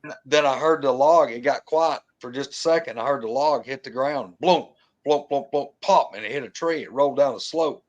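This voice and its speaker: A man, telling a long encounter story in casual talk, colloquial and animated, mimicking the sounds he heard. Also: mid-range voice, a little fast, muffled recording.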